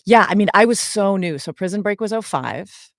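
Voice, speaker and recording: A woman's voice: mid-range voice, lively intonation, moderate pace, creaky, no echo, clean studio sound. A woman in her forties, co-hosting a podcast and answering fan questions in a chatty way, with many ums and small laughs. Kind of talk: casual podcast chat.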